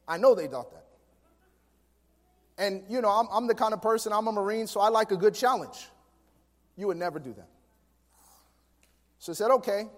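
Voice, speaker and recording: A man preaching a sermon, telling family stories in an animated way that swings from soft to emphatic. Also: sits high, moderate pace, pauses often. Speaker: pastor. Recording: long hall reverb.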